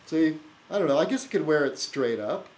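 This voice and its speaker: A man talking casually to camera as a video blogger, rambling and teasing, halting often with fillers and restarts and chuckling to himself. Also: a little high, expressive, a little mellow, poor audio. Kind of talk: rambling casual vlog chat.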